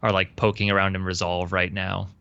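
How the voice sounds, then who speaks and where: Easygoing podcast guy, lowish voice but bright and clean, dead dry sound. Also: completely flat delivery, gravelly, smooth, no room sound, dull audio. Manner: easygoing, laughs often, quick reactions. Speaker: podcast co-host. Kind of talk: casual gaming podcast chat.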